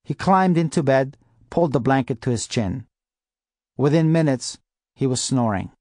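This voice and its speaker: Steady male audiobook narrator, dry sound. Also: medium pitch, moderate pace, no room sound. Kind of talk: first-person audiobook narration.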